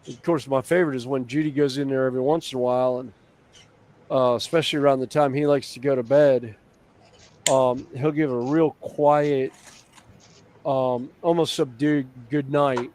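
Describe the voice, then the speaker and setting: A man's voice: medium pitch, fairly even intonation, brisk, a little mellow, slight background noise. Man, stream host, easygoing rambling talker, mid-range voice. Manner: rambling, filler-heavy storytelling. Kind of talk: casual chat.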